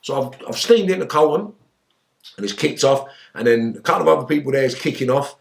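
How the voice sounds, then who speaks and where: A man, a guest in an interview, telling a story in lively, swearing style and acting out the lines he quotes. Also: medium pitch, a little fast, gravelly. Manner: animated, swearing, acts out shouted quotes.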